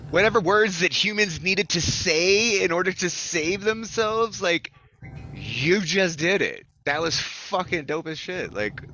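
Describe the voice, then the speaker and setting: A man's voice: a little high, pushed and bright, lo-fi sound, a little hiss or hum. A man hosting an online open mic, chatting casually and effusively, swearing and saying "like" often. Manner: effusive, swears a lot, filler 'like'. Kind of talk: casual chat. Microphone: video call.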